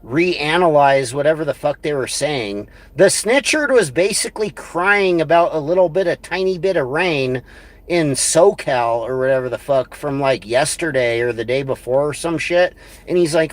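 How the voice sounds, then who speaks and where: A man's voice: on the high side, moderate pace, no room sound. A man on a livestream, ranting crudely and scornfully in a rambling way. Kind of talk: profane livestream rant.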